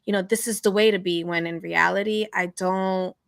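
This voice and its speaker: A woman's voice: mid-range voice, steady tone, normal speed, creaky, no room sound, clean studio sound. A woman co-hosting a casual podcast chat, earnest and slangy with plenty of fillers. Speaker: podcast co-host.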